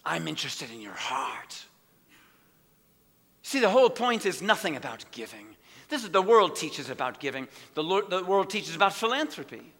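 A man preaching a sermon in a church, impassioned, swinging between hushed asides and loud declarations. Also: high voice, very animated, fairly quick, long reverb tail.

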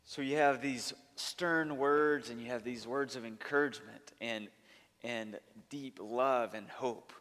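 Slow-speaking pastor in a reverberant hall. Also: male voice, medium pitch, fairly bright tone. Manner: earnest, emphatic preaching with long lists. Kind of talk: sermon. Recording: long reverb of a large hall.

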